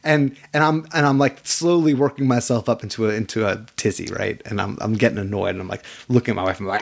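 A man's voice: mid-range voice, fast, creaky, hardly any pauses. A man who works as an attorney, talking casually as a podcast guest. He tells stories with energy and often repeats his first words. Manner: animated storyteller, repeats words when starting sentences.

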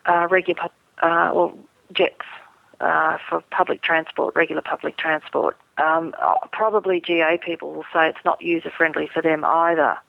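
A middle-aged woman, an airline pilot, speaking earnestly and measured as a guest in a phone interview. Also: deep voice, little pitch movement, vocal fry, no room sound. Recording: tinny phone line.

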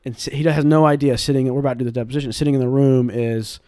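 A man in his twenties with a mild Southern accent, a general counsel telling animated stories as an interview guest. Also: medium pitch, no room sound, clean studio sound. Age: 20s. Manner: animated anecdotes, brisk delivery. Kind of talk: storytelling in an interview.

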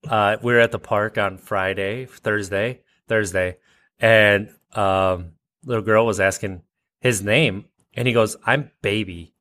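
A man in his thirties co-hosting a podcast, telling a family story in casual chat and jumping up high to quote his kids. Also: steady tone, measured pace, a bit bright. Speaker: podcast co-host.

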